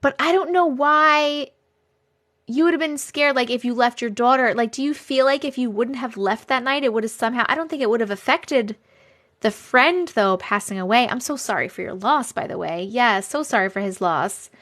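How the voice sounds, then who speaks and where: High-voiced woman chatting on a live stream. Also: normal speed, a bit bright. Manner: chatty, laughs often, reacts to comments. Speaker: live-stream host reading viewer stories. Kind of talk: casual live-stream chat.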